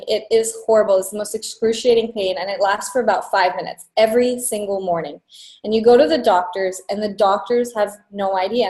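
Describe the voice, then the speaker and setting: Woman business coach, casual and blunt, swears, mid pitch, roomy echo. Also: a little mellow. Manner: blunt, swears freely, fast asides. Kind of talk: casual coaching talk to students.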